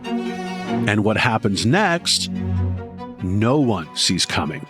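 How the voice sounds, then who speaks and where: A man's voice: fairly low pitch, very animated, drawn-out words, music in the background. A man hosting and narrating a documentary podcast in a scripted, dramatic, suspense-building delivery.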